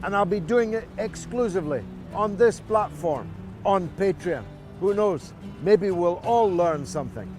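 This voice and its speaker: A man's voice: high voice, expressive, a little slow, over music. A man in his sixties with a Scottish accent, giving a scripted to-camera introduction as a presenter in a dramatic orator's delivery.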